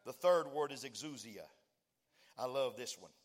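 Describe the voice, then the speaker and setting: Speaking at normal speed and medium pitch, a man preaches a sermon that swings between folksy jokes aimed at the congregation and increasingly fervent declarations. He acts out dialogue and works himself up to fervent shouting.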